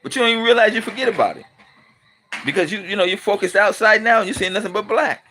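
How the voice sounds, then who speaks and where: A middle-aged man from California delivers a blunt, emphatic monologue in loose, colloquial speech. His voice sits high for a man and rings bright and forceful. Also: expressive, fast, a little hiss or hum. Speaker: channel host and commentator. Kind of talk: casual opinionated monologue.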